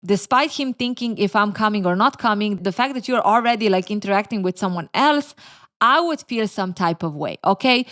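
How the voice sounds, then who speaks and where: A woman giving opinionated commentary in an emphatic manner, with sassy asides. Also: medium pitch. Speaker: video commentator.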